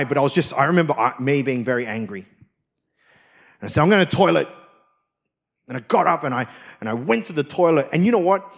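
A male pastor delivering a sermon, telling a personal story with lively swings between loud emphasis and quiet, soft lines. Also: mid-range voice. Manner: acts out quoted voices.

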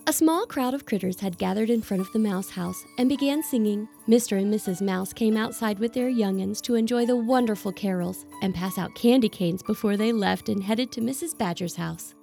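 A woman narrating a storybook audio drama in a scripted way, with a slightly gravelly voice. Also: medium pitch, fairly quick, few pauses, warm tone. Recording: faint music behind.

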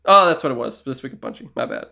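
A man's voice: medium pitch, fast talker, creaky. Rambling man co-hosting a podcast. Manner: rambling, animated, acts out quoted exchanges. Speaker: podcast co-host. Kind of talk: casual chat.

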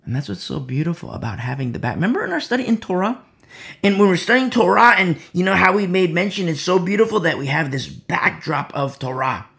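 A man preaching a Bible sermon, repeating key phrases, asking "You see?" and swinging between loud emphasis and quiet asides. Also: high-pitched, lively intonation, fairly quick, vocal fry. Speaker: Bible teacher.

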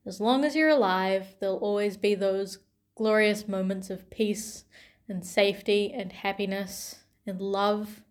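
A young woman speaks slowly and tenderly, taking her time, with a voice of ordinary middle pitch. She sounds gentle and heartfelt, pausing often and letting small laughs slip in. Her delivery is intimate and personal. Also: fairly even intonation. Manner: slow, gentle and tender, with soft laughs and pauses. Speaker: vlogger.

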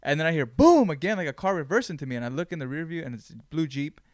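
Male podcast host, casual chat, smooth resonant voice, dry close sound, blunt and profane. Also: fairly high pitch, rapid-fire, dry recording. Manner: blunt, swears often, animated storytelling.

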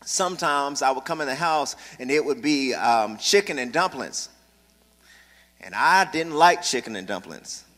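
A man pastor preaching a sermon with call-and-response, building to loud, passionate delivery in a church sanctuary. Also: medium pitch, animated, unhurried, long reverb tail.

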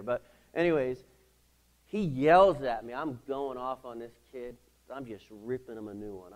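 A pastor telling a self-deprecating story in his sermon, animated and asking the congregation questions. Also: medium pitch, poor audio. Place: church service.

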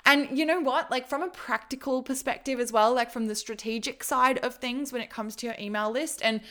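A woman's voice: fairly high pitch, steady tone, brisk, few pauses, sharp tone. A woman hosting her own podcast as a business coach, talking casually and encouragingly straight to her listeners, saying "like" constantly. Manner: chatty and encouraging, heavy use of "like". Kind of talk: casual solo podcast monologue.

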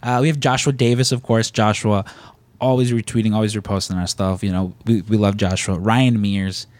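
A man with a low voice chats loosely as a podcast host, rambling from one listener shout-out to the next. The sound is dry and close, with no room around it. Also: steady tone, brisk, no room sound. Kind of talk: casual chat.

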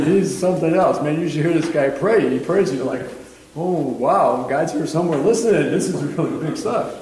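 A man's voice: fairly high pitch, warm tone. Chatty man teaching in an echoey hall. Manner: chatty, rambling, chuckles often. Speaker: Bible teacher. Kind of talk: informal Bible class teaching. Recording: very echoey room, faint noise.

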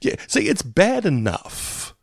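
A man's voice: high voice, huge pitch swings, slow pace, creaky, slightly rough, dry recording, clean studio sound. A middle-aged Australian man co-hosting a podcast in casual chat, joking, laughing often and swearing freely. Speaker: podcast co-host.

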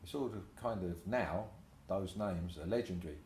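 His voice sits low and moves at a moderate pace, with a little hiss or hum in the background. The older tattoo artist, interviewed casually in a roomy, echoey room of his shop, swears freely and animatedly acts out what people said in his anecdotes.

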